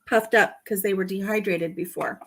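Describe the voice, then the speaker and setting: A woman's voice: medium pitch, fairly even intonation, moderate pace, a bit bright. A woman hosting a casual home vlog, chatting and telling stories with a lot of laughter. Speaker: vlog host. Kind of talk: casual chat while tasting tea.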